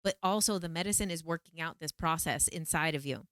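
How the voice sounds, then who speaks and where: A woman vlogger telling a personal story in a casual, animated way, acting out her own pleading lines in a higher voice. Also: a little fast, clear, resonant tone, no room sound, clean studio sound. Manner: animated, quotes herself in pleading high voice.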